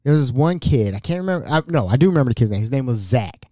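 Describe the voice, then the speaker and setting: Animated man telling family stories. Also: medium pitch, very fast, dry recording, studio quality. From Ohio. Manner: animated, laughs while telling family stories, mimics relatives. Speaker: podcast host. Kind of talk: casual storytelling monologue.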